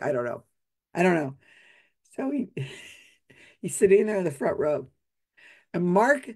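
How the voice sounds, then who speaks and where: A woman's voice: lowish voice, dark tone. A woman casually telling a personal anecdote, laughing often and restarting her sentences. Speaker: storyteller sharing a memory.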